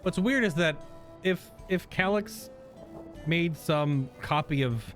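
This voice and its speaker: A man's voice: on the high side, slow pace, fairly bright tone, soft background music. A man streaming a video game, giving a casual, rambling reaction commentary as he plays and laughing often.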